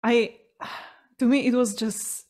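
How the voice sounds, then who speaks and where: A woman's voice: a little high, fairly even intonation, takes it slowly, darkish tone. A woman in a casual podcast chat, telling an anecdote with frequent "like" fillers. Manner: chatty, frequent "like" fillers, laughs. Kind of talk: casual storytelling.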